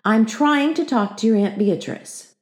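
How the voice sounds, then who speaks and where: A woman voicing a cheerful, patient mother with a brisk manner. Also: a little high, a little mellow, pitched above the performer's own voice, close to an everyday voice.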